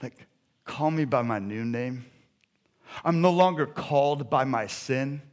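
A man voicing a male warlock from a claymation cartoon who was once grumpy and is now gentle and kind. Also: medium pitch, a little slow, close to an everyday voice. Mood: humble.

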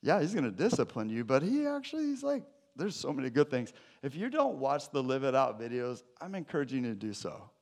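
Male pastor, lively jokey sermon delivery, sudden loud bursts, mid-pitched voice. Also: a little fast, few pauses.

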